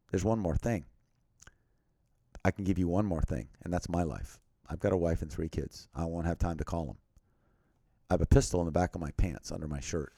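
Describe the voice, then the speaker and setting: A man earnestly telling a personal story as an interview guest, often dropping to a quiet, grave tone. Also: sits low, no room sound, clean studio sound.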